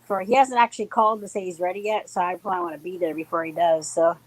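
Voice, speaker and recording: A woman's voice: on the low side, steady tone, quick pace, a little hiss or hum, low-quality recording. Friendly woman chatting on a call, laughing. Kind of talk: casual live-stream chat.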